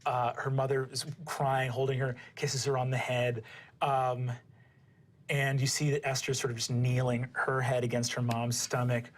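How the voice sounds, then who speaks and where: Brief: casual game master, loose filler-heavy narration, mid-pitched, faint ambience. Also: male voice, flat delivery, moderate pace, a little hiss or hum.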